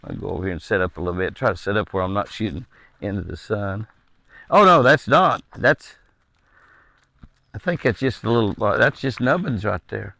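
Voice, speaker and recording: Man, gravelly voice, casual outdoor ranch vlog, coaxes deer. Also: on the low side, quick pace, a bit bright, dry recording. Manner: coaxing, chatty, coos to the deer. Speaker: ranch owner filming his deer. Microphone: handheld camera.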